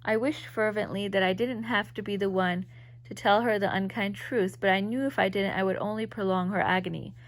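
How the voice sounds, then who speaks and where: A woman reading an old magazine story aloud, in a steady, even storytelling manner. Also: medium pitch, brisk. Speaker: reader.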